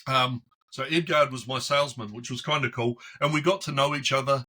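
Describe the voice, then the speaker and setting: A man's voice: medium pitch, fairly quick. A man guesting on a podcast, telling stories casually and acting out the voices of people in his anecdotes. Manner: chatty, animated, acts out voices in anecdotes. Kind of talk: casual storytelling interview.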